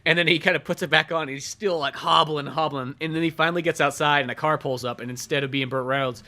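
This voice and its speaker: A man's voice: a little high, fairly even intonation, fast talker, sharp tone. Giggly, cursing man retelling movie scenes. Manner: laughing storyteller, swears a lot, acts out scenes. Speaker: podcast co-host. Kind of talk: casual movie review chat.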